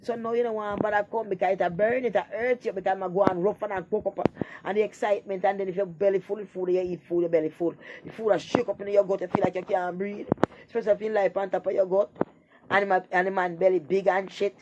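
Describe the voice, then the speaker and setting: A woman's voice: mid-range voice, flat delivery, fast, highs cut off, noisy background. A woman talking bluntly in a rambling, profane casual monologue.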